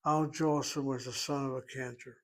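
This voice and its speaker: A man teaching a Hebrew class, explaining grammar in a deliberate, step-by-step way and sometimes thinking aloud. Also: medium pitch, steady tone, a bit bright.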